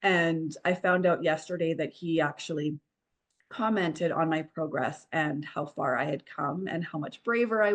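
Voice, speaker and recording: A woman in her forties, a divorce coach, telling her story in a podcast interview in an earnest, reflective way. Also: lowish voice. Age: 40s.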